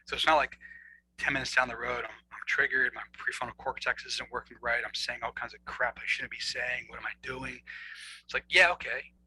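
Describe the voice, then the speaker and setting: Male coach guest, very forceful tense tone, earnest, acts out inner dialogue. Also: mid-range voice, fairly even intonation, fairly quick, slightly rough, low-quality recording. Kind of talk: conversational explaining.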